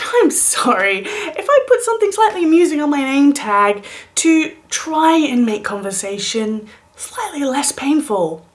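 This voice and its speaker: Animated woman in her late twenties. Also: high-pitched, measured pace. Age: late 20s. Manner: animated and playful, with dramatic whispered asides. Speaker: vlogger. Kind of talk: comedic storytelling vlog.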